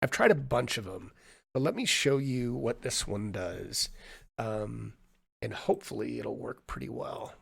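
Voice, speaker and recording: A man demoing audio software on a live stream, thinking aloud, from a home streaming setup on a condenser mic. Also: mid-range voice, expressive, unhurried, creaky, husky, dry recording, clean studio sound. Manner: thinking aloud, many fillers and restarts. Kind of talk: casual live-stream tutorial. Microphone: USB condenser mic.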